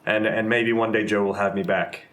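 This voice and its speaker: A man's voice: fairly low pitch, steady tone, brisk, fairly bright tone. Playful, mock-dramatic man. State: a little tired. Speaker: guest. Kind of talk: casual video chat.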